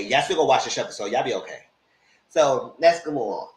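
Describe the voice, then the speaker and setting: A man hosting a casual live TV recap, animated, jumping into loud high-pitched quotes of the characters. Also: normal speed. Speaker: TV review host. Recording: roomy echo.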